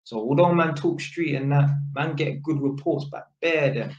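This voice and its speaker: A man's voice: fairly high pitch, fairly even intonation, moderate pace, darkish tone. London man telling a story in slang. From Britain. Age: young adult. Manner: street slang, frequent tag questions. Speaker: vlogger. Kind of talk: casual storytelling. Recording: roomy, slightly dull sound.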